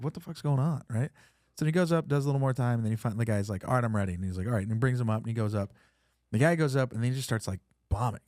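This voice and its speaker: A man's voice: lowish voice, dry recording, clean studio sound. A man hosting a podcast, telling stories in casual chat and acting out the quotes, swearing freely. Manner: animated storyteller, acts out quotes, swears freely. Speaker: podcast host.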